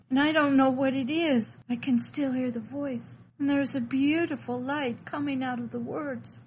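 A woman's voice: sits high, a little mellow, slight background noise, low-quality recording. A woman voicing a frightened, lonely spirit child hiding in darkness, who talks timidly and asks anxious questions in a scripted devotional story.

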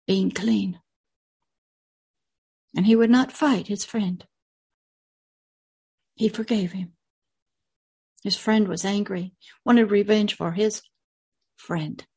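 A woman's voice: mid-range voice, warm tone, husky. A woman hosting a religious video channel, retelling a film in an earnest, unscripted way with emphatic repetitions.

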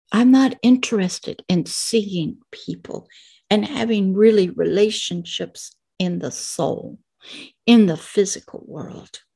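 A woman's voice: a little high, mellow, slightly rough. A woman in her late sixties, a pastor, reading scripture verses and explaining them in an earnest sermon for children. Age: 60s. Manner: slow, earnest, reads verses then explains.

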